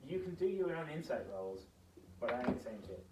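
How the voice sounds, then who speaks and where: A male tabletop player speaks bluntly and to the point. He sounds distant in an echoey room, over clear background noise. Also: medium pitch, sing-song, a little fast. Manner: blunt, matter-of-fact. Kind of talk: casual tabletop chat.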